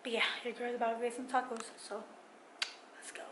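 A young woman with a slightly high voice records a casual travel vlog on her phone outdoors. She talks in a chatty, slangy way and laughs often. Clear outdoor noise hums behind her. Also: little pitch movement, a little fast. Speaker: travel vlogger. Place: outdoors on a tourist strip and by a pier.

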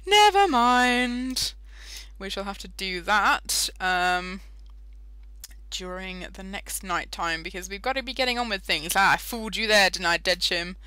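A woman's voice: medium pitch, steady tone, moderate pace, sharp tone, clean tone, no room sound. A young British woman giving casual, giggly commentary while playing Minecraft, easily sidetracked. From Britain. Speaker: Minecraft let's-play host.

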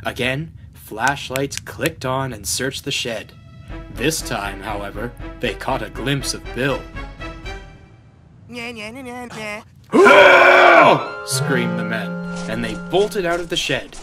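Slow, lively male storybook reader. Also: mid-range voice. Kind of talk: storybook reading. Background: background music.

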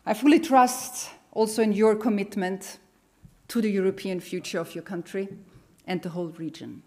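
A middle-aged woman with an Austrian accent, giving a formal, emphatic introduction at an event, with pauses and self-corrections. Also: medium pitch, steady tone, a little mellow. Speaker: party leader giving an introduction.

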